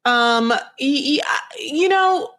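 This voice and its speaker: Woman host for a casual recap podcast; animated and rambling, somewhat high pitch. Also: takes it slowly. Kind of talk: casual chat recapping a reality show.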